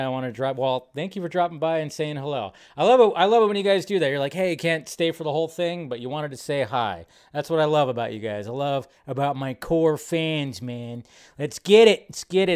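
A man's voice: mid-range voice, smooth. A young man hosting a casual live stream, chatting loosely and greeting viewers by name. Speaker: live show host.

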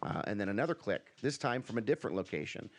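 A man's voice: fairly low pitch, sing-song, quick pace. A man hosting a casual podcast, reading a story aloud to his friends. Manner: reads a story aloud, breaks into laughter.

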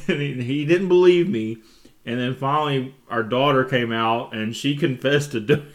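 A middle-aged man from Texas co-hosting a casual family podcast, an animated storyteller who laughs often. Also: mid-range voice, normal speed. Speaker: podcast co-host.

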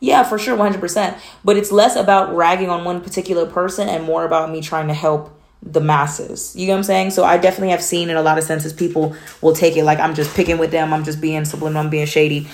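A young woman from Atlanta hosts a relaxed solo podcast episode. Her voice sits a little low for a woman. She speaks bluntly and candidly, in a straight-to-the-point, matter-of-fact way. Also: fast talker. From Atlanta, USA. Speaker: podcast host. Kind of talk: casual solo talk.

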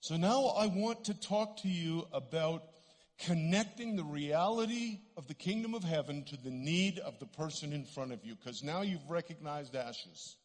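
A Canadian man preaching to a congregation, his fairly high voice rising and falling with lively swings as he tells stories and acts out the voices. He sounds middle-aged, and a long reverb from the church hall trails every phrase. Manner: animated storytelling, acts out voices. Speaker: guest preacher. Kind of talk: sermon with stories. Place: church sanctuary.

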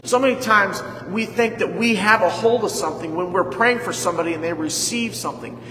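A man's voice: sits high, a little fast, pushed and bright, slight background noise. A male pastor preaching a sermon, stressing points by repeating them and putting questions to the congregation. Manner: emphatic preaching with repeated lines and rhetorical questions. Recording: echoey hall with long reverb.

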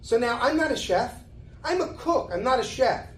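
A man in his sixties, a podcast guest telling a story in an animated, casual way. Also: very high voice, normal speed. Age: 60s. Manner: animated storyteller, acting out others' voices. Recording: echoey room.

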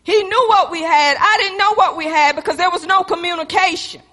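High, bright woman preaching a sermon. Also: a little fast, long reverb tail. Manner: passionate, swinging between loud exhortation and hushed intensity.

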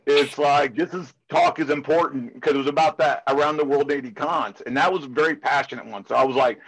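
A man's voice: medium pitch, steady tone, a little fast, vocal fry, few pauses, fairly bright tone, slightly rough, poor audio. A man who speaks at security conferences, chatting casually in an interview and drifting into passionate, rambling rants full of "it's like.". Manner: heavy filler use of "it's like".

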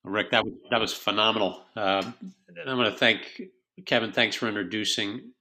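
A man with a low voice and a bright, forceful edge, closing out a podcast episode. He heaps thanks on his guests and runs through subscribe-and-follow requests. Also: normal speed. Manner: effusive, grateful wrap-up with show plugs. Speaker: podcast host.

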